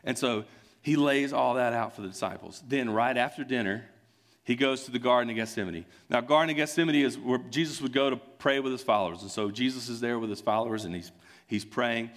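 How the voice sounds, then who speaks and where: Man preaching, storytelling, casual and earnest, middle pitch voice. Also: a little fast, a bit bright. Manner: retells scenes with voiced quotes, conversational and earnest. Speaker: pastor. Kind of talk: sermon storytelling.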